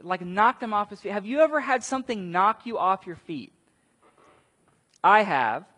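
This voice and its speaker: A man preaching a sermon, telling stories and acting out quotes with sudden loud bursts. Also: high voice, moderate pace, breathy edge. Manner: animated storytelling, acts out quotes with big swings in loudness. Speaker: pastor. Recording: long reverb of a large hall.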